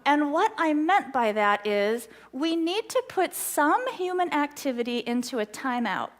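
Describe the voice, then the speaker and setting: Woman, middle-aged, church talk, earnest and excitable, somewhat high voice. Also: a little slow. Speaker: guest speaker.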